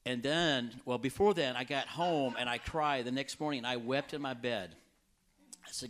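A healing evangelist shares his testimony with a congregation in a medium-pitched male voice. He tells it animatedly, and his voice leaps high whenever he quotes his own reactions. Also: moderate pace, fairly bright tone. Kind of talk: testimony in a church talk.

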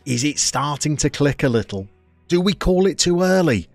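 A man live-streaming a football management game, chatting to viewers and reacting loudly to the play. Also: a little high, lively intonation, moderate pace, creaky, over loud music.

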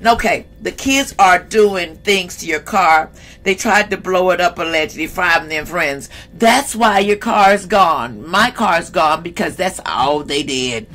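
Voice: medium pitch, measured pace, pushed and bright. A tarot reader in a casual vlog who speaks bluntly and in slang, talking straight to viewers and often breaking into laughs.

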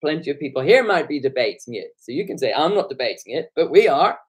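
A hoarse man talking on a live stream, retelling an encounter with animated, indignant energy. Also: on the high side, fast. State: hoarse from shouting. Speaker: online commentator.

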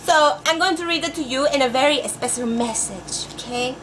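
A woman playing an overeager class teacher, reading a storybook aloud in a sing-song voice with drawn-out words and Spanish phrases mixed in. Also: high-pitched, a bit bright, slight background noise. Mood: playful. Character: overeager female teacher persona, adult, playful. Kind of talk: comic storybook read-aloud.

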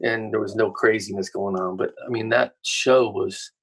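A man, a musician guest on a podcast, telling stories in a laid-back, relaxed way. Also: on the low side, moderate pace, slightly rough. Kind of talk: casual chat.

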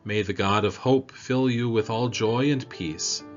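A man leading a church devotion, reading scripture and prayers in a measured, solemn way. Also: fairly low pitch. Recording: dull lo-fi audio with faint music.

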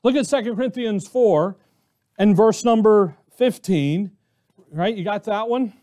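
High-voiced man preaching with rhetorical questions. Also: measured pace, warm tone. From Arizona, US. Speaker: pastor. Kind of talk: sermon.

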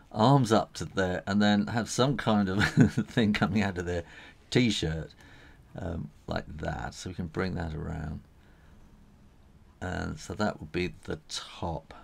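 An older man walks through a drawing lesson in a loose, meandering way, chuckling as he sketches. His voice sits very low with a gravelly texture. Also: slow, pauses often. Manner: rambling, chuckles while sketching, many fillers. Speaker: drawing teacher. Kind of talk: casual drawing tutorial.

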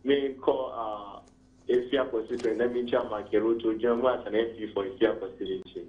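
A man's voice: medium pitch, steady tone, fairly quick, narrow, tinny audio. A man with a Ghanaian accent calling a radio talk show, arguing his point in Twi and pidgin English. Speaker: caller. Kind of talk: radio call-in commentary.

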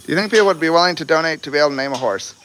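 A man's voice: a little high, very fast, a bit bright, a little hiss or hum. A man chatting casually on a livestream outdoors, rambling with lots of ums and restarts. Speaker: horse rescue livestreamer. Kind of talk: casual rambling live chat.

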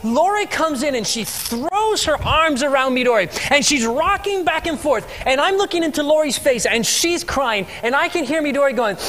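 A man telling his missionary story as a sermon testimony in a church, animated and asking the congregation questions. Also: very high voice, normal speed, hardly any pauses, a little hiss or hum. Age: adult with three children. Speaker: missionary speaker.

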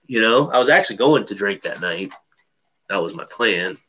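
A man's voice: on the low side, expressive, normal speed, a bit bright. A man telling a personal story in casual chat, loose and profane, full of fillers. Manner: loose, profane, many fillers like "you know".

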